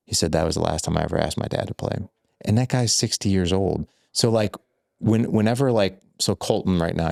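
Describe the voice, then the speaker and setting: Man, podcast guest, very low pitch, rambling animated storytelling, lots of filler words. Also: creaky, no echo, clean studio sound. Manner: animated storyteller, acts out quoted lines. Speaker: guest, fatherhood coach.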